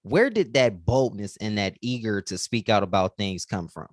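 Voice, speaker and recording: Low-voiced male interviewer, dry sound. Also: animated, normal speed, no echo. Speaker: interviewer, host. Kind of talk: interview questions.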